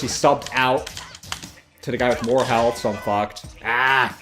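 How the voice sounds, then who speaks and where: A man with a Chicago accent hosting a gaming livestream, chatting casually and swearing, with loud outbursts at the game. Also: medium pitch, unhurried, soft background music. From Chicago, USA. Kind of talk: casual chat while playing a fighting game.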